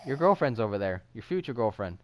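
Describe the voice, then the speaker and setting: A man's voice: medium pitch, sing-song, fast, slight background noise. A young man hosting a casual podcast, rambling and laughing often between thoughts. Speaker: podcast host. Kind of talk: casual podcast chat in a VR game.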